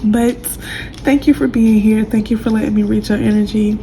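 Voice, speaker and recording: Young woman, tarot reader; warm, chatty delivery, low-timbred with a bit of fry. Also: steady tone, normal speed, a little hiss or hum, rough recording. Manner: chatty, warm and emotional, says y'all a lot. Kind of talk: casual pick-a-pile tarot reading.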